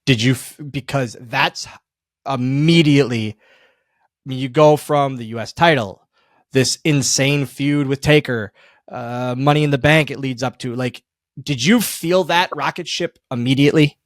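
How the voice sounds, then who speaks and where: A man hosting a podcast, telling stories in a casual, animated way and laughing often. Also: medium pitch, a little slow, no echo, studio quality. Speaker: podcast host. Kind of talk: casual interview chat.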